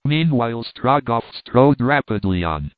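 This is scripted narration from an audiobook reader: a man voicing a classic adventure novel at a steady, even pace. The pitch sits in the middle range, and the sound is dry and thin, almost like a phone line.

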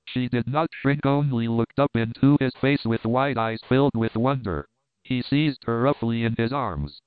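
A man narrating an adventure novel in a steady, even storytelling manner. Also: medium pitch, moderate pace, clean tone, no room sound. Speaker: audiobook narrator. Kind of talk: scripted narration. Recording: thin phone-like sound.

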